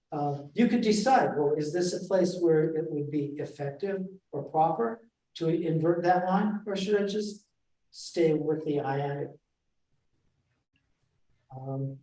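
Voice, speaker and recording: A man teaches a casual class in a roomy space, his voice mellow and captured from across the room. He talks slowly, breaking off and restarting often. Now and then he reads out lines of verse. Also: on the high side, far from the mic. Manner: halting, with many fillers and restarts, reads verse aloud. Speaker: presenter of a Shakespeare class. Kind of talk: informal classroom lecture. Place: library meeting room. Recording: echoey room, voice picked up from afar.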